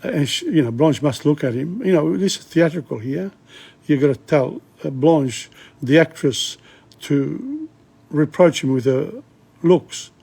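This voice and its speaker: A man's voice: a little high, sing-song, unhurried, vocal fry, warm tone, slightly rough. A man teaching French from a play, reading lines and glossing them in English with chatty asides. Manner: chatty, laughs often, breaks off to explain. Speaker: language teacher.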